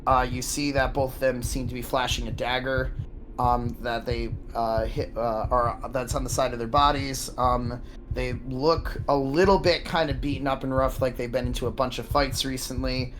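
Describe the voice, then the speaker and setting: A man's voice: mid-range voice, moderate pace, a little hiss or hum. A man running a tabletop game as game master, narrating casually with many fillers. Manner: casual, filler-heavy, relaxed.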